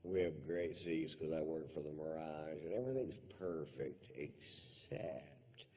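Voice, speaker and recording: A middle-aged man doing stand-up, telling a story in a drawling, deadpan, profane way on a theater stage. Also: rumbling low, a little slow, few pauses. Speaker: stand-up comedian.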